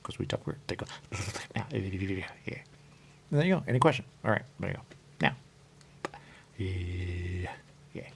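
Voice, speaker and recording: A man hosting a radio talk show speaks slowly in a low, gravelly voice with a breathy edge and lively intonation, pausing often. His monologue is rambling and repetitive, returning to the same phrases, drifting into sing-song murmurs, and repeatedly landing on "there you go."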